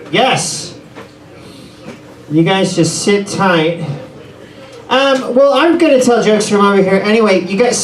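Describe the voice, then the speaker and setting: A man's voice: high-pitched, slight background noise. A man doing a rambling, self-deprecating stand-up set in a bar, ad-libbing through the trouble. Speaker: stand-up comedian. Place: bar comedy room. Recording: echoey room, mic far off.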